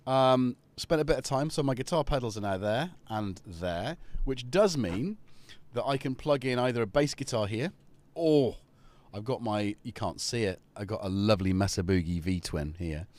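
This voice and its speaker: A man's voice: lowish voice, lively intonation, moderate pace, darkish tone. A man hosting a casual live stream, rambling and chatty as he talks to viewers and his cat.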